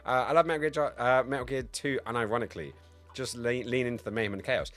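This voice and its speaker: A man's voice: medium pitch, quick pace, fairly bright tone, soft background music. A man in his thirties chatting casually on a game livestream, rambling, crude and joking. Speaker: game streamer.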